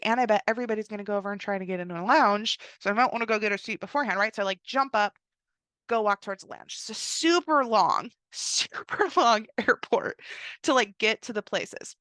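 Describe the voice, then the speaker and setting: A young woman hosting a podcast, telling a personal travel story in a chatty way, full of "like" and quick acted-out asides. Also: medium pitch, no room sound, clean studio sound. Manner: chatty, heavy use of "like", animated quoted asides. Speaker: podcast host. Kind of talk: casual storytelling monologue.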